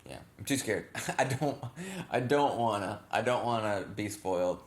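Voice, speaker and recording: A man's voice: fairly low pitch, moderate pace. A man co-hosting a casual reaction chat, rambling with lots of fillers and self-corrections. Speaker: channel co-host. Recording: echoey room.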